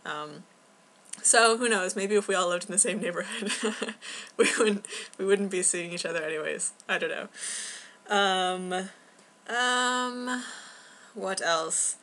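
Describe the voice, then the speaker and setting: A young woman talks casually into her camera at home for a video blog. Her voice is bright and forward, and her thoughts wander as she fills pauses with plenty of ums. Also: medium pitch. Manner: rambling, scattered, many ums. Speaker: book club vlogger.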